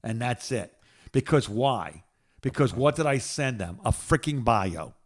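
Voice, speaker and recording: A man co-hosting a podcast in casual chat, excitable and flustered, thinking out loud. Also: medium pitch, unhurried. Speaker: podcast co-host.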